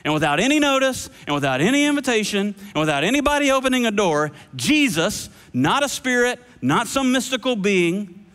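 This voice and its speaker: A pastor with a high, bright-edged man's voice preaches with earnest emphasis, pausing to let phrases land. His words ring out with a long hall reverb around them. He drops low and quiet whenever he quotes a line. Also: sing-song, clear, resonant tone. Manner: earnest preaching with dramatic pauses, dropping soft for quoted words. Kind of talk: sermon. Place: church auditorium.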